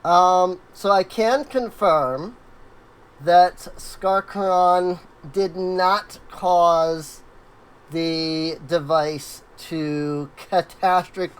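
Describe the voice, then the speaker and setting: A woman narrating a tabletop game as game master, halting with many fillers and restarts. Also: on the low side, clean tone, rough recording.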